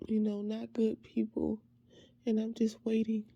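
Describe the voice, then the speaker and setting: A woman, a faith ministry creator, speaking in a halting, heartfelt personal monologue with soft trailing phrases. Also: fairly high pitch, completely flat delivery, creaky, no echo, muffled recording.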